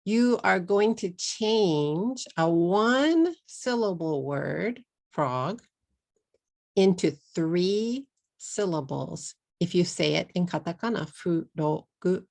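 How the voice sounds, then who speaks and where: A middle-aged woman with a Texas accent teaches pronunciation at a very slow, deliberate pace. Her voice sits a little low, and she repeats each word carefully so learners can follow. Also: lively intonation, gravelly, a little mellow. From Texas, USA. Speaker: English teacher. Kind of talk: pronunciation lesson.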